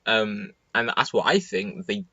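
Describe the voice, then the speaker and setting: A teenage boy giving an excited, rambling movie review full of fillers and restarts. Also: on the low side, unhurried, slightly rough, no echo, dull audio. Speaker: student vlogger. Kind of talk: casual movie review monologue.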